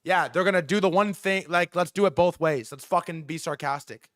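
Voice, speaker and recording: A man hosting a live stream, reacting to news in excitable, profane commentary and repeating words in rapid bursts. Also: a little high, no echo, clean studio sound. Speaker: livestream host.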